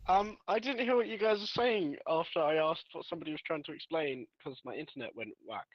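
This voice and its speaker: A man's voice: a little high, brisk, no room sound, highs cut off. A man playing in an online tabletop game, giggly and scattered, often losing his train of thought. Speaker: player. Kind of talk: casual chat during an online game.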